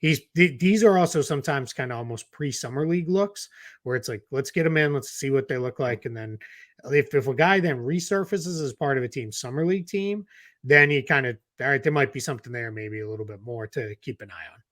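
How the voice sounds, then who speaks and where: A man's voice: medium pitch, fairly quick, a bit bright, no echo, studio quality. A man with a Boston accent co-hosting a basketball podcast, talking through roster moves in a loose, casual way with fillers and restarts. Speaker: podcast co-host, basketball analyst. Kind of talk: casual chat.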